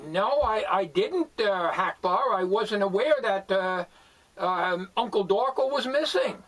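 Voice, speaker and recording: A man's voice: sits high, lively intonation, measured pace, fairly bright tone. A man hosting a homemade comedy skit. He speaks politely and hesitantly, with many ums and uhs. He sounds far from the mic. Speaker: host.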